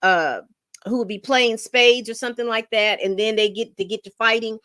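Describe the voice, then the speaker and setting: A woman's voice: on the high side, moderate pace, fairly bright tone, no echo, clean studio sound. A middle-aged woman hosting a casual livestream, rambling and reading chat comments aloud. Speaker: livestream host.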